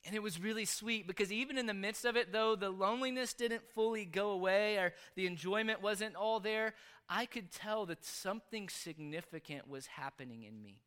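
A man delivers a sermon through personal testimony, speaking in an earnest, confessional way. His voice sits high for a man and rings bright and very clear. He tells his story openly, as if to a familiar congregation. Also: moderate pace.

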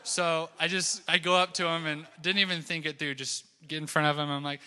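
A man's voice: a little high, little pitch movement, fairly quick, hardly any pauses, bright, forceful tone, clean tone. A young man casually telling a mission-trip testimony, rambling with lots of fillers and laughing at his own story.

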